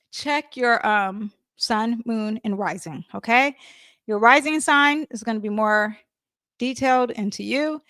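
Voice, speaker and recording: A woman's voice: on the high side, a bit bright, no echo. A woman astrologer reading horoscopes in a casual, chatty way, with lots of fillers and "okay?" check-ins. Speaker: tarot reader and astrologer.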